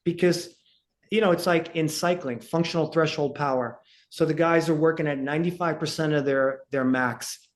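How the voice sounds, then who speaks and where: Checking in often with "right?", a breathing instructor explains with energy during a casual podcast chat. His voice is fairly high-pitched and moves at a moderate pace.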